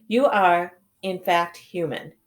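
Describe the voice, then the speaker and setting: A woman's voice: fairly low pitch, slow. A woman voicing a polite, nervous male faun who speaks in a formal, courteous way.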